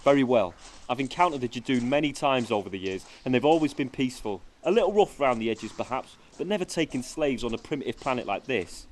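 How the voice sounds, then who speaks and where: A man voicing a calm, clever, dryly witty time traveller in an audio drama. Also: mid-range voice, quick pace, slight background noise, lightly acted. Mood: wry. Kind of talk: fan audio drama acting.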